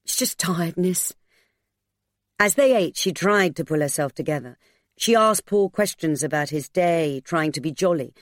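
A woman narrating a novel in a steady, measured storytelling voice. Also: low-pitched, no room sound, clean studio sound. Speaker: audiobook narrator.

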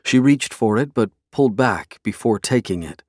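A man narrating a fantasy novel in a measured, even storytelling way. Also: medium pitch, no room sound, clean studio sound. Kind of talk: scripted fantasy audiobook narration.

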